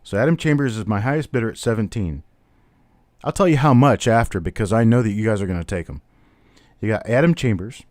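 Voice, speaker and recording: A man's voice: lowish voice, animated, a little fast, a little mellow, no echo. A man hosting a live-stream coin auction, chatty, calling out bidders and prices one after another. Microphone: webcam on a stand.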